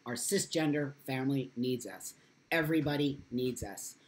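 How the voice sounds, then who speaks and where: A man's voice: medium pitch, normal speed. Impassioned, foul-mouthed man hosting a live stream. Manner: impassioned, swears freely; reads viewer comments aloud. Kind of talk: casual live stream chat.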